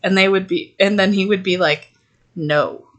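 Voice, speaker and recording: A young woman chatting on a podcast with her co-host, laughing often and swearing freely as she rambles through silly ideas. Her pitch sits in the middle of the range, and her voice sounds loose and unpolished. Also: little pitch movement, brisk, fairly bright tone. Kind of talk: casual chat.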